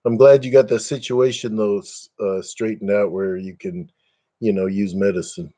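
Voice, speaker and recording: A man's voice: fairly low pitch, steady tone, moderate pace, mellow. An older man chatting casually on a webcam live stream at home, rambling and self-deprecating, chuckling often.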